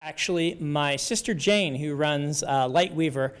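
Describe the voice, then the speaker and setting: A man's voice: a little high, measured pace, smooth. A man hosting a book release livestream in an easygoing, casual way as he introduces the next segment. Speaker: author hosting a release event.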